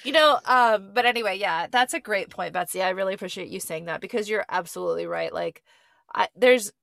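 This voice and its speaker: A stuffed-up woman chats about a film with a gravelly edge and a bright, forward tone. She talks in quick restarts and laughs a lot, close to the mic in a dry room. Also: mid-range voice, dry recording. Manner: chatty, laughs often, trails into restarts. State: stuffed-up nose. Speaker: podcast host. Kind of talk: casual chat about a film.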